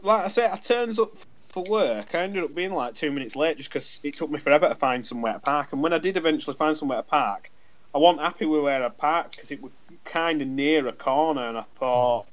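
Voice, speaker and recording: An Englishman co-hosting a podcast tells a rambling anecdote in casual chat, swearing freely and playing both sides of a conversation. His voice is a little high and expressive, moving fairly quickly. The recording sounds muffled.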